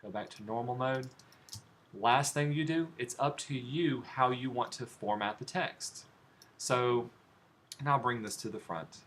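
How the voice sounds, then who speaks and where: This design instructor runs a live classroom demo of software, speaking a little slowly in a mid-range voice. He talks casually as he clicks through each step and puts questions to his students. There's faint noise in the background.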